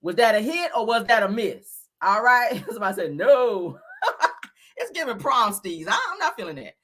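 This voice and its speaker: Woman host, bright and sassy, animated, blunt fashion takes for a live chat. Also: medium pitch, normal speed, breathy edge. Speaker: livestream host. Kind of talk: casual celebrity fashion commentary.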